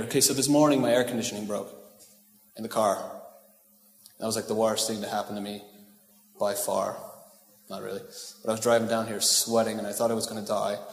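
A man leads a sermon as a pastor, chatty and playful rather than formal. His mid-pitched voice carries through a large church hall with a long, roomy echo. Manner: casual, joking asides, asks the crowd "right?". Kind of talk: conversational sermon. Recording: echoey hall with long reverb.

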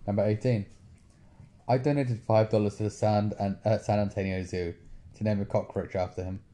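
A man's voice: on the low side, fairly even intonation, normal speed, dark tone. A man co-hosting a podcast, reading out list entries and chatting, with dry, brief replies. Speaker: podcast co-host.

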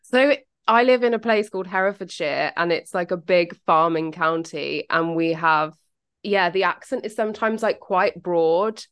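A woman's voice: lowish voice, moderate pace, fairly bright tone, clean tone. A woman with a British accent, co-hosting a podcast in casual chat, well-spoken and carefully enunciated, with the odd swear. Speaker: podcast co-host.

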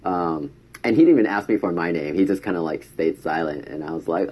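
Casual storyteller, male, deep husky voice, chatty delivery that acts out quoted lines. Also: a little fast, a little mellow. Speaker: vlogger.

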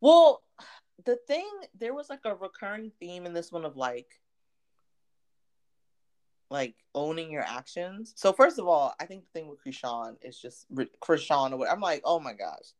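Low, lively woman, casual co-host chatter, laughs easily. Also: normal speed. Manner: animated, chatty, laughs often. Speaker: podcast co-host. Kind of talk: casual chat about a TV show.

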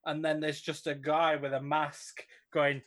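Man, podcast co-host, bright tense voice, slightly high, amused, reads a story aloud. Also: level tone, unhurried. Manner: amused, laughing between lines, narrating the story. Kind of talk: casual comedic chat, reading out a news story.

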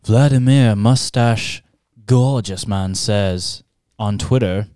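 A young man co-hosting a podcast in casual chat, animated and quick to laugh. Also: mid-range voice, smooth. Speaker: podcast co-host.

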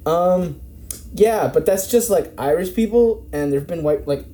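A man's voice: high voice, lively intonation, normal speed, dark tone. A man in casual discussion, talking in a rambling way, with many fillers and restarts and some swearing. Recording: echoey room with faint background noise.

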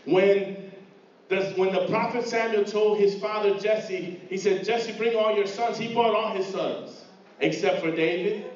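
A man preaches to his congregation, acting out the voices of the story he retells and building to fervor. His voice sits high. The recording is dull and echoing, picked up from far across a church hall. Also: fairly even intonation, measured pace. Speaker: pastor. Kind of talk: sermon. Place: church sanctuary.

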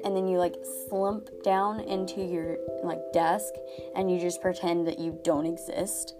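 A woman's voice: medium pitch, steady tone, moderate pace. Chatty teenage girl over guitar music. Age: teens. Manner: chatty, exaggerated, lots of "like". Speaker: podcast host. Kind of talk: casual comedic monologue.

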